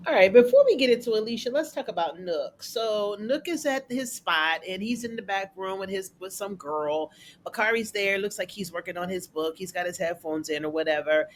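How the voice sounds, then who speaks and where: A TV recap reviewer who chats casually through an episode. They talk in a loose, colloquial way and jump up in pitch when acting out the characters' lines. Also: lively intonation, normal speed, a little hiss or hum. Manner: chatty, colloquial, acts out characters' lines in a raised voice.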